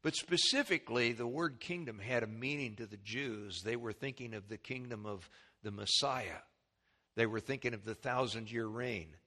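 A man preaching a sermon, explaining scripture earnestly and clearing his throat often. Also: mid-range voice, normal speed, pushed and bright.

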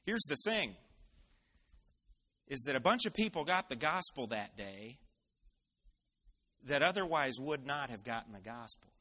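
Animated male preacher with bright voice. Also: medium pitch, unhurried, long pauses. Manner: animated, personal anecdote. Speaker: pastor. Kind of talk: sermon storytelling.

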